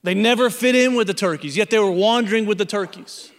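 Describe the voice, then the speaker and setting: High-voiced pastor in a reverberant hall. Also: male voice, fast talker. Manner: storytelling, acting out animal characters in the parable. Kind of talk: sermon.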